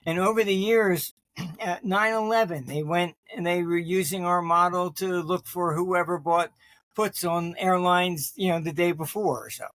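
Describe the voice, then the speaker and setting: A fairly high-pitched man speaks in a dry, close recording. He answers interview questions with long, loose anecdotes, drifting between half-finished sentences and stopping often to clear his throat. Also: steady tone, normal speed, fairly bright tone, dry recording. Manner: restarts sentences, many fillers. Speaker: interview guest, market forecaster.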